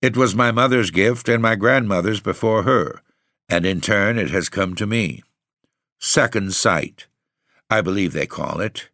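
A man voicing an old woman caretaker with second sight, speaking quietly and solemnly. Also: on the low side, measured pace, no echo, clean studio sound. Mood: grave. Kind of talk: audiobook reading.

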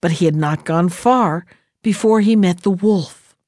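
A librarian reading a folktale aloud in a lively, expressive storytelling style. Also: female voice, on the low side, unhurried, dry recording, clean studio sound. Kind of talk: storybook read-aloud narration.

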